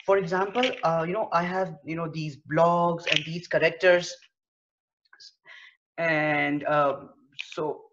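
A woman gives a storytelling lesson for early-years teachers, explaining her ideas at an unhurried, slow pace. She pauses often with fillers as she goes. The recording sounds dull and lo-fi. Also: low voice, fairly even intonation, noisy background.

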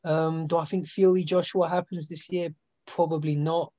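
A man's voice: on the high side, level tone, moderate pace, dark tone. A man guesting on a casual boxing chat, telling frank stories and acting out quotes. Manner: storytelling, acts out quotes, frank.

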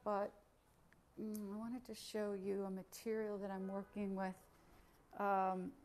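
A middle-aged woman painter giving a relaxed, casual tour of her studio, explaining how she works. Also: medium pitch, measured pace, a little hiss or hum.

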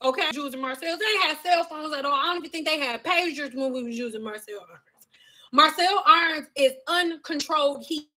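A woman's voice: sits high, fairly quick, pushed and bright. A woman who used to do hair professionally, chatting casually on a live stream and answering viewers' hair questions in a sassy, direct way.

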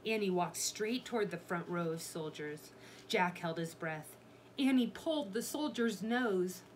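A woman reading a children's chapter book aloud in a steady storytelling manner. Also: fairly low pitch, unhurried, slight background noise. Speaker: reader.

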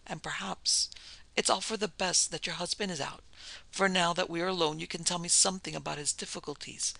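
A narrator voicing Dr. Silence, a calm, earnest gentleman doctor who speaks quietly and gently. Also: high voice, fairly quick, gravelly, full character voice.

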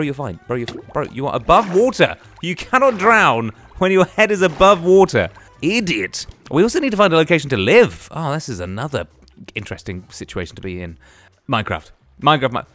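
A man giving playful, excitable Let's Play commentary, chatting to the characters in his game. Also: mid-range voice. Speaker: gaming YouTuber.

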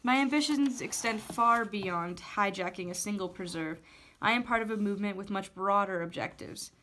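A woman's voice: medium pitch, normal speed, fairly bright tone, close to an everyday voice. Woman reading a haughty, coaxing witch for a storybook. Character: wounded scheming witch, woman.

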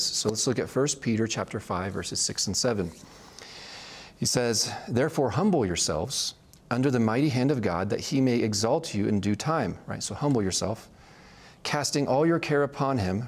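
A man teaching a casual Bible study, talking conversationally and often checking in with "right?". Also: lowish voice. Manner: conversational, frequent "right?" check-ins, restarts.

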